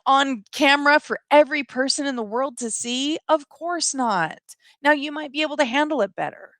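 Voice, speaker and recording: A woman's voice: fairly high pitch, fairly bright tone, dry recording. A middle-aged woman hosting a live stream, speaking earnestly and pleading with viewers, then reading their comments aloud. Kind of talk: emotional live stream chat.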